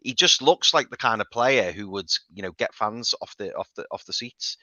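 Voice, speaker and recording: Bright-voiced fan, lo-fi. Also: male voice, on the low side, animated, normal speed, no echo. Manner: rambling, repeats words, many fillers. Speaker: fan podcast panelist. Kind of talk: casual football chat. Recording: dull lo-fi dry remote audio.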